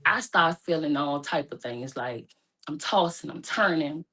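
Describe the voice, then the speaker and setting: A woman's voice: low voice, animated, unhurried, a bit bright. A young woman in an emotional personal storytelling talk, acting out both sides of her phone calls. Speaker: guest telling her story.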